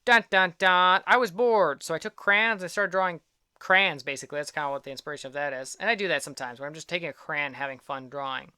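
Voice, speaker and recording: A young man talks casually as an art vlog host, rambling and upbeat as he pokes fun at his own work. His voice is bright and smooth. The recording is dry and close, with no room echo. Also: a little high, fast. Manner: rambling, self-deprecating, upbeat. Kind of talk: casual chat.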